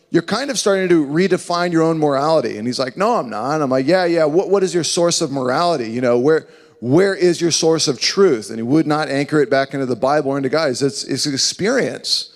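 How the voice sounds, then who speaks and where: A man preaching a sermon, earnest and emphatic, slowing down and dropping to a hush when he quotes scripture. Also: fairly high pitch. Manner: earnest, emphatic preaching with slow dramatic drops to hushed quotes. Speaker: pastor. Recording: long hall reverb.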